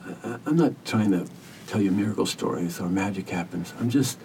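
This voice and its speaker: Podcast guest: a man with a low, gravelly, mellow voice, gentle and earnest, heard a bit off-mic over a faint rumble. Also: animated, recorded from a distance. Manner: earnest, gentle, measured storytelling. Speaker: hospice caregiver, podcast guest. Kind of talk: reflective storytelling interview.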